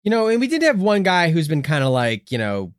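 A man improvising a comedy bit with a partner, riffing in a deadpan way. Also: on the high side, fairly quick, dry recording, clean studio sound. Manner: deadpan riffing, playing along. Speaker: comedy podcast co-host.

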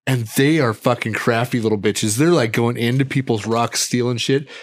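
A man on a casual podcast rambles through a swear-filled story and laughs along as he goes. His ordinary-pitched voice is heard close and dry, with no room around it. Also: fairly even intonation, normal speed, no room sound. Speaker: podcast co-host.

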